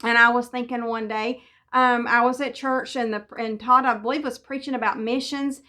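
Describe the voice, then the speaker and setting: A woman's voice: on the high side, little pitch movement, moderate pace, bright, forceful tone. A middle-aged woman giving a personal devotional testimony, telling her story earnestly with fillers and restarts. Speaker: devotional speaker.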